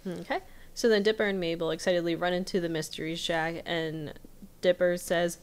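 A woman co-hosting a casual podcast, recapping an episode in chatty, giggly storytelling with quick quoted voices, recorded over a remote video call. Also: fairly low pitch, steady tone, clear, resonant tone. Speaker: podcast co-host.

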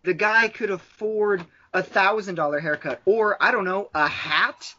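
A man's voice: high-pitched, measured pace, sharp tone. A man chatting casually on a podcast, rambling from point to point and cursing freely. He fills his talk with "like" and restarts. The sound is a bit dull and lo-fi. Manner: rambling, profane, with frequent fillers. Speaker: podcast co-host. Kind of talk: casual chat.

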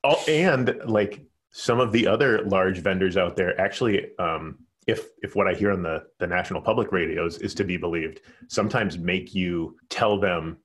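An American man hosting a casual podcast over a video call, joking and talking in quick runs with restarts. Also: sits low, a bit bright. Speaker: podcast host. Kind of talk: casual chat. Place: home, remote call. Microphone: video call recording.

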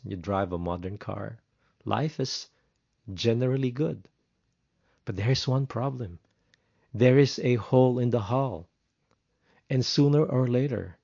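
Guy with a lowish voice doing an earnest sermon-style story, kinda dull lo-fi sound. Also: gravelly, darkish tone. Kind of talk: devotional storytelling narration.

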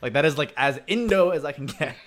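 A man's voice: on the high side, expressive, quick pace, fairly bright tone. A man from Indonesia hosting a casual group chat over an online call, laughing often and talking with many fillers. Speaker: host.

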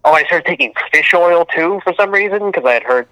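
A man in his thirties with a bright, forceful voice and a slightly raised pitch, chatting loosely and laughing through his stories. The sound is close and dry, with no room at all. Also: lively intonation, brisk, clean tone, dry recording, lo-fi sound. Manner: rambling storyteller, many fillers and laughs. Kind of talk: casual chat.

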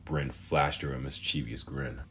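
A man narrating an audiobook in a measured, expressive storytelling manner. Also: rumbling low, creaky, slight background noise. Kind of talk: scripted narration.

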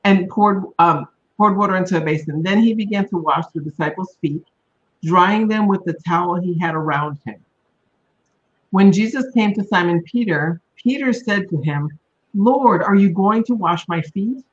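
Scripture reader, woman, steady, dull lo-fi recording. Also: mid-range voice, moderate pace, slight background noise. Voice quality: steady, plain reading. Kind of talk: reading scripture aloud. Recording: dull, lo-fi sound.

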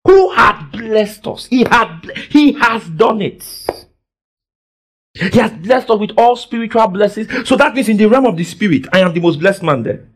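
A man preaching a sermon in a church service. He quizzes the congregation call-and-response style and often bursts into shouts. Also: high voice, lively intonation, normal speed.

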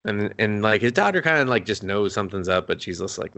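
Podcast co-host, man with a lowish voice, rambly and profane, casual recap. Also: quick pace. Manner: swears a lot, rambling and animated.

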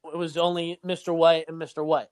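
A man's voice: a little high, flat delivery, fairly quick, darkish tone. A man in casual chat, cutting in with dry, teasing questions and quips.

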